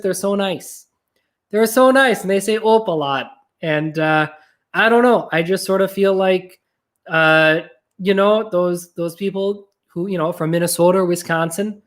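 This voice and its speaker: A podcast host from New Mexico, musing aloud in a casual solo monologue. The talk wanders and restarts often, laced with swearing, slowing to a drawl on some thoughts and rushing through others. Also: medium pitch. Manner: rambling, profane, self-correcting.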